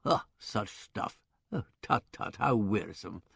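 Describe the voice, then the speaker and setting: A poised gentleman detective in an audiobook, voiced by a male reader, drawling his questions low and dry. His pitch dips and rises with wry emphasis. The sound is close and dry. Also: very animated, brisk, no room sound. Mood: mocking. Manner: dry, probing questions, lower voice. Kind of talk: audiobook character voice.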